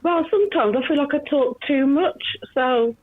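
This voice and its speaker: A woman's voice: high voice, moderate pace. A woman with a Black Country accent, calling in to a live podcast, dry and self-deprecating, with light laughs. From Black Country, England. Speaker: caller. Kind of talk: casual phone-in chat. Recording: dull lo-fi call line.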